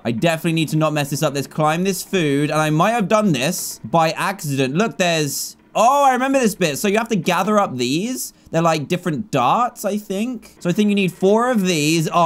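Excitable man playing a game. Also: high voice. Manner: excitable, jumps between muttering and yelling. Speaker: gaming YouTuber. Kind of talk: gameplay commentary.

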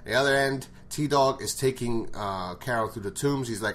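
A man's voice: medium pitch, moderate pace, fairly bright tone, slight background noise. A man giving a casual episode recap, blunt and full of swearing. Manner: blunt and profane. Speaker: show reviewer.

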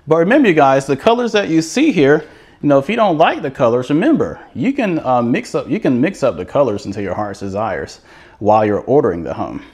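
A man's voice: medium pitch, sing-song, brisk, a little mellow, slightly rough. A man giving an enthusiastic, chatty walkthrough of a show home, recorded on a handheld camera while walking through the rooms. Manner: enthusiastic, chatty, repeats words. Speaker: home tour host. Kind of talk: casual walkthrough narration. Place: inside a manufactured home show model.

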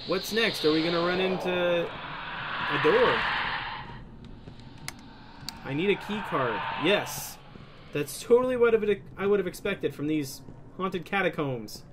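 A young man doing let's play commentary on a horror game, excitable, swearing often and breaking into laughter. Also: high voice, noisy background. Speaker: gaming video host.

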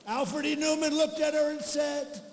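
An older man speaking at a campaign rally in a high, strained register. He boasts, repeats short phrases, and drifts into off-the-cuff asides. His voice rings through a big echoing arena over a faint crowd murmur. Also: steady tone, moderate pace, a little hiss or hum. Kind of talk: political rally speech.

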